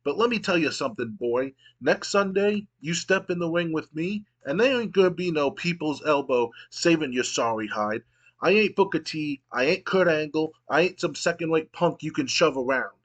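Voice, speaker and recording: A brash, trash-talking wrestler voiced by a man barks cocky threats, pitched a touch above his usual voice. The delivery is loud and swaggering, like a wrestling promo impression. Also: lively intonation, normal speed, highs cut off. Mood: threatening. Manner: cocky, shouting insults and threats.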